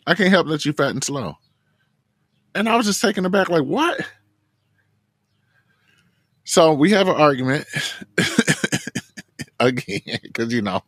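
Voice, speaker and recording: A man in an interview, telling a long story in a loose, animated way, leaning on the word "like." His voice sits in a middle pitch. The sound is close and dry. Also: no room sound. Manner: animated, filler-heavy with frequent "like". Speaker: guest, marathon runner and coach.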